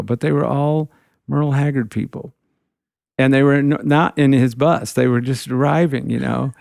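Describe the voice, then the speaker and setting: A middle-aged man with a gravelly, creaky voice recalls old tour days in a loose, rambling way. He keeps dropping "you know" between his thoughts. The sound is close and dry, with no room behind him. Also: medium pitch, darkish tone, no room sound. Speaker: guitarist telling tour stories. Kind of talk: casual storytelling.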